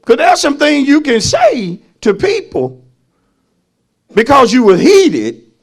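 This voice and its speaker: A pastor preaching with a high, swinging voice that jumps from quiet asides to shouts. He is a man who calls to the congregation and waits for their replies. Some loud lines sound as if he has stepped back from the mic. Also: huge pitch swings, slow pace, gravelly. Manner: call-and-response preaching, shouted peaks. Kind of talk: sermon.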